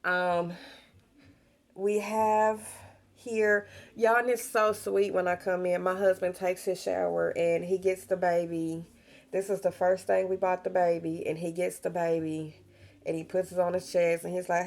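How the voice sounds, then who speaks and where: Young adult woman, lower register, casual and talkative vlog delivery. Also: flat delivery, unhurried, vocal fry. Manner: chatty, warm storytelling with Southern US slang. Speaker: pregnant vlogger. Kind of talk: casual chat to camera.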